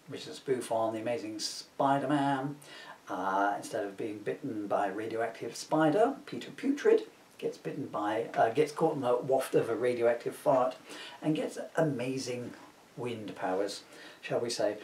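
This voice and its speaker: A man's voice: mid-range voice, measured pace, a little mellow. A man reading a children's comedy book aloud, chatty and jokey, with lots of fillers and asides. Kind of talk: casual storytelling with asides. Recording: roomy echo, mic at a distance.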